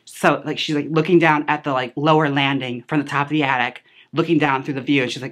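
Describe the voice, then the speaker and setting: A woman's voice: low voice, fairly even intonation, quick pace, hardly any pauses, a bit bright. A woman hosting a casual movie recap, chatty and sassy, full of filler words and side remarks. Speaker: host reviewing a film.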